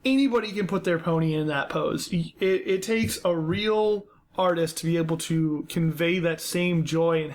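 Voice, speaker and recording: A young man hosts a podcast, talking bluntly and casually with frequent fillers and restarts. His voice sits a little higher than most men's. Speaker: podcast host. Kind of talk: unscripted critique chat.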